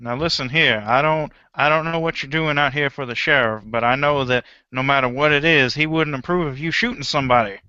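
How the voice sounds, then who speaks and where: A man's voice: medium pitch, fairly quick, few pauses, pushed and bright, clear, resonant tone, no room sound, dull audio, close to an everyday voice. A man voicing Richard, a nervous young site guard who stammers and pleads. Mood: alarmed.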